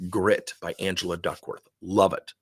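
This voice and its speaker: A man's voice: low voice, normal speed, breathy edge, no room sound, studio quality. A middle-aged man as a sales trainer, telling blunt, emphatic stories in a workshop webinar. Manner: animated, blunt, emphatic storyteller.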